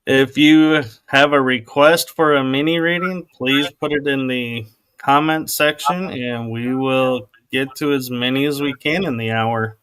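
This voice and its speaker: A man hosting a live stream, opening the show in a slow, easygoing way. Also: mid-range voice, fairly bright tone, clean tone, dry recording. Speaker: host. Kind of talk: casual livestream hosting.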